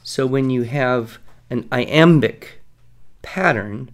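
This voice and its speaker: A man co-hosting a podcast, explaining poetic meter in a relaxed teaching manner, chanting rhythms and reciting verse slowly. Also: medium pitch, gravelly. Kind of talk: relaxed educational conversation.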